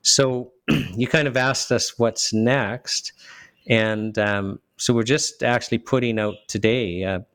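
A man, a lawyer, speaking earnestly as a guest in an interview, often pausing and restarting as he gets emotional. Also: medium pitch, fairly even intonation, a bit bright, smooth, no echo, studio quality. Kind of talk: casual interview talk.

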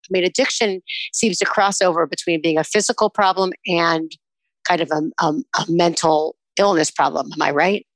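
A woman's voice: lowish voice, steady tone, moderate pace, dry recording, poor audio. A woman co-hosting a podcast who asks encouraging, supportive questions.

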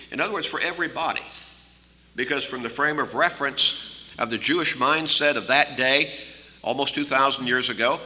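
A male preacher delivering a sermon with an emphatic, pressing manner. His tone is very bright and forceful, and his pitch swings widely. The voice rings out with a long reverb, as if in a large hall. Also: a little hiss or hum. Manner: emphatic, preachy, repeats words when stressing a point.

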